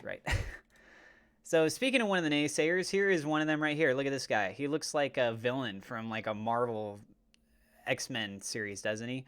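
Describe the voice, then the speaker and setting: A man's voice: mid-range voice, fairly quick, fairly bright tone, clear, resonant tone. A man hosting a crypto channel, giving casual market commentary in a chatty way and often checking in with "right?". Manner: chatty, keeps asking "right?".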